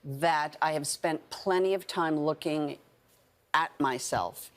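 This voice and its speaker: A woman's voice: deep voice, slow. A woman in her sixties being interviewed on a morning TV show, speaking earnestly and repeating key phrases for emphasis. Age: 60s. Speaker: guest actor and author. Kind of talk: television interview. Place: morning TV studio.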